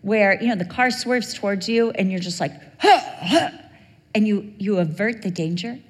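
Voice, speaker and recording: A woman preaching a sermon, telling stories in an animated way and acting out the voices of the people in them. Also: mid-range voice, a little fast. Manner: animated storytelling, acts out quoted voices. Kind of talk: sermon with storytelling. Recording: long hall reverb.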